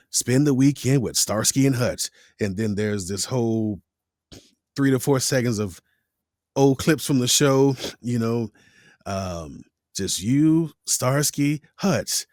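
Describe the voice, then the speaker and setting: In a lowish, echo-free voice, a man hosting a relaxed interview swaps stories about voice-over work. He brings the tales to life by performing the quoted studio lines in a range of voices.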